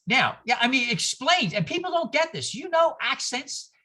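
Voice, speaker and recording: An older man from New York teaching a class on a video call, animated and digressive, with anecdotes and asides. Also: very high voice, moderate pace.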